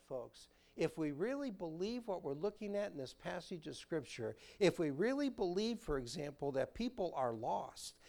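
Animated preaching man, slightly high voice. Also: creaky. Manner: animated preaching, rising and dropping emphasis, asks the congregation questions. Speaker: pastor. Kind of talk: sermon. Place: church sanctuary.

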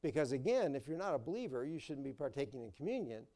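A man's voice: medium pitch, sing-song, fast talker, mellow. A man voicing his nervous young wife while retelling a story in a sermon. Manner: quoted in a retold story.

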